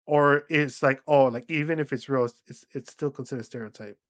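A man's voice: medium pitch, fairly even intonation, a little fast, lo-fi sound. A young man co-hosting a podcast in casual chat, telling rambling stories full of "like" and acting out what others said. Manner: rambling storyteller, acts out quoted voices, many "like" fillers. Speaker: podcast co-host.

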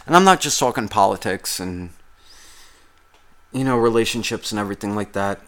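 A man's voice: on the low side, expressive, moderate pace, fairly bright tone. Guy ranting on his podcast, swears a ton, rambles and complains, casual talk. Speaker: podcast host.

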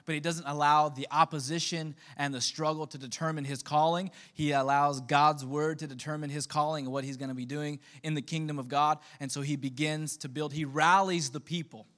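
Talking on the high side and a little fast, with hardly any pauses, a thirty-something pastor preaches in an easygoing, conversational way. Jokes aimed at the congregation pepper his sermon.

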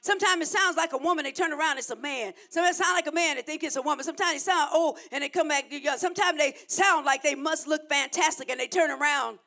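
A woman's voice: sits high, quick pace, few pauses, bright, forceful tone. A woman preaching a sermon, emphatic and repetitive, calling the congregation to answer back.

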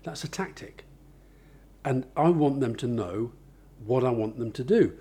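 A man with a mellow, husky voice talks through his ideas in a relaxed interview. He backs up each point with examples and often restarts his sentences as he thinks. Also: mid-range voice, a little slow. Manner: thoughtful, explains with examples, many restarts. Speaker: author and interviewee. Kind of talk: conversational interview.

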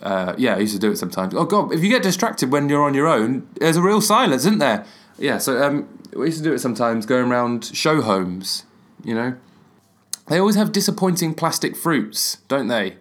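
A man's voice: mid-range voice, very animated, moderate pace, fairly bright tone. A man, hosting a podcast alone, rambling and self-deprecating with jokey asides. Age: 20s. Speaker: podcast host. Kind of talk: solo comedic podcast rambling.

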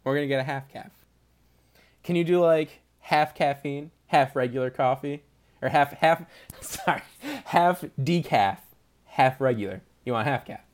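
A man's voice: mid-range voice, measured pace. A young man hosting a podcast, chatting casually, rambling through jokes and laughing often. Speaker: podcast host. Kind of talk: casual chat.

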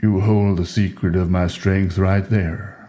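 A man voicing a proud, boastful strongman lover, speaking calmly and teasingly. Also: low-pitched, a little slow.

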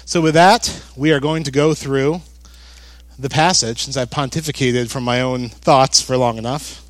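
A man preaching a sermon as a pastor, talking conversationally with jokes and animated emphasis. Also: medium pitch, normal speed, no echo.

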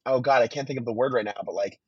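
A man's voice: mid-range voice, rapid-fire, a crowd in the background. A man guesting on a podcast, rambling through his thoughts on a film with restarts and casual swearing. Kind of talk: casual movie review chat. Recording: dull dry lo-fi sound.

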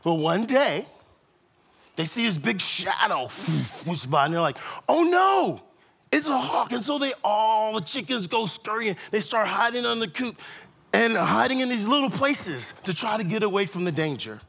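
A male pastor who delivers his sermon as an animated storyteller, talking straight to the people listening. His voice sits high for a man and moves through a lively, wide range. It has a husky, slightly breathy texture throughout. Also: normal speed. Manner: animated storyteller, addresses congregation directly.

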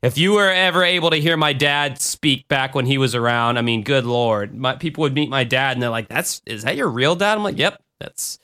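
A man's voice: medium pitch, fairly quick, few pauses, bright, forceful tone, clear, resonant tone. A man from the American South with no trace of an accent, co-hosting a casual podcast, profane and self-mocking. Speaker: podcast co-host. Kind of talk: casual chat.

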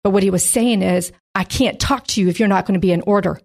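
A middle-aged woman giving a lively testimony in a sermon and acting out the voices in her story. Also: mid-range voice, quick pace, creaky. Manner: animated storytelling, acts out voices. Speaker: pastor's wife giving testimony.

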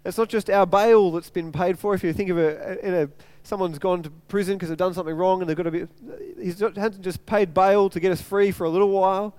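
A man's voice: high voice, fairly even intonation, a little fast, hardly any pauses, darkish tone, smooth, no room sound. A middle-aged man preaching a sermon in an earnest way, repeating phrases to drive his point home. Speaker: pastor.

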